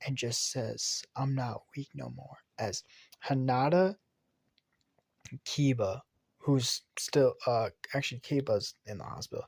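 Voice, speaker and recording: Rambling gravelly man retelling fan fiction. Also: medium pitch, unhurried, no room sound, studio quality. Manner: rambling, excitable, swears, many restarts and fillers. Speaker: storyteller.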